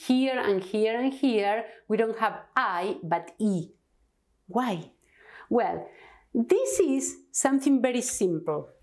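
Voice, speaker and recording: Slow, lively Argentine woman teaching. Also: a little high. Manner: patient, explains step by step, checks with "okay?". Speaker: Spanish teacher. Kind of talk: whiteboard language lesson.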